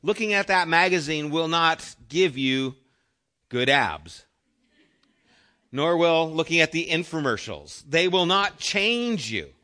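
A middle-aged man preaching a sermon as pastor, earnest and conversational, asking the room questions and letting phrases drop soft. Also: a little high, expressive, slow.

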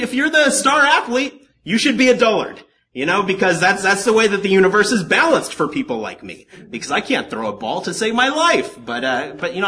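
A man delivering a sermon in a bright, forceful voice, his pitch leaping up and down as he jokes and turns to the congregation. His delivery is animated, with a conversational teaching style. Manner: animated and joking, with asides to the congregation. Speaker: pastor teaching a Bible study.

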